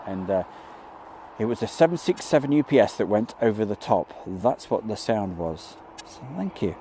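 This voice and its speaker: A man's voice: on the low side, animated, normal speed, a little hiss or hum. A man, chatting casually as he hosts a live stream outdoors and greets viewers by name. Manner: chatty, reads out viewer names and greets them warmly. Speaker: livestream host. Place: outdoors by an airport.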